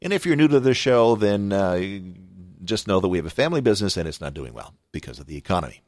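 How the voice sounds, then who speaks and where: A man's voice: fairly low pitch, sing-song, fast talker, a little mellow, no echo. A middle-aged man with a Southern California accent hosting a podcast, chatting casually in a rambling, folksy way with plenty of restarts. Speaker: podcast host. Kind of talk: casual personal chat with ad reads.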